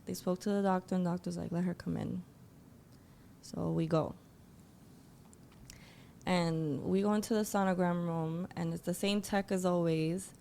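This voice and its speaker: Woman with a low raspy voice telling her story, acts out the quotes, bit of hiss behind. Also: normal speed, long pauses. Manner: animated, acts out quotes in a higher voice. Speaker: guest. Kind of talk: emotional personal storytelling.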